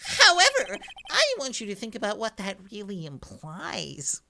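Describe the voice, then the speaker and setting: Man doing a squeaky smug prosecutor. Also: wildly swooping pitch, unhurried, gravelly, noisy background, heavily acted. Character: smug scheming male courtroom prosecutor.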